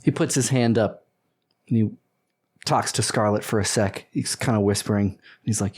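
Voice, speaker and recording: A man running a tabletop role-playing game, narrating in a calm and amused way. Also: on the low side, moderate pace, slightly rough. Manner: calm, amused, laid-back.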